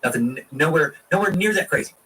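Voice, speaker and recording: Male podcast host, irreverent, swearing, husky voice, recorded a bit distant. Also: fairly high pitch, animated, quick pace, sharp tone. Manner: irreverent, profane, jokey asides. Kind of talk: casual history podcast narration.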